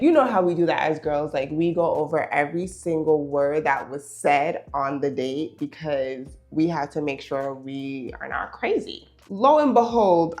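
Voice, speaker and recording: A young woman vlogger telling a dating story, animated, laughing and full of fillers. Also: fairly low pitch. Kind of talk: storytelling while getting ready.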